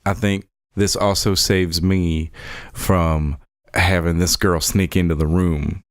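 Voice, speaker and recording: A polite, smooth young rogue talks his way around in a put-on drawl, voiced by a player in a tabletop game. The voice is very deep. The sound is dry and close. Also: steady tone, slow, no room sound. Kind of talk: tabletop role-play.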